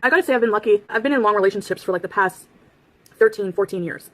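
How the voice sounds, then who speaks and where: A woman's voice: medium pitch, quick pace, fairly bright tone. A woman vlogger giving viewers earnest, reassuring advice.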